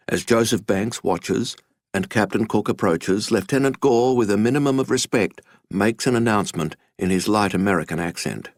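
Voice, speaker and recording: A man's voice: lowish voice, dry recording. A man narrating a scripted history story with a dramatic, wry storytelling manner, recorded in a studio.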